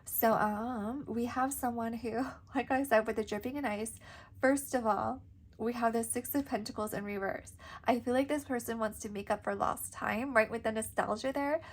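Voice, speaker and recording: A young woman talks through a tarot reading in a casual, chatty way. Her voice sits a little high, and she giggles often and fills her sentences with "like" and "um". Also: fairly even intonation, moderate pace. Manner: chatty, giggly, filler-heavy. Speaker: tarot reader.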